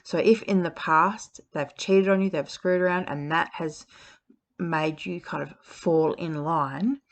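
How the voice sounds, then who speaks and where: A woman giving frank relationship advice in a casual talk, speaking bluntly with frequent fillers. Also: sits low.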